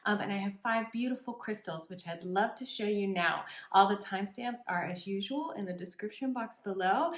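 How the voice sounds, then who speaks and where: A woman's voice: medium pitch, normal speed, hardly any pauses. A young woman hosting a casual tarot reading to camera, gushing and affectionate, with many ums and likes, recorded at home. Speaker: tarot reader and channel host.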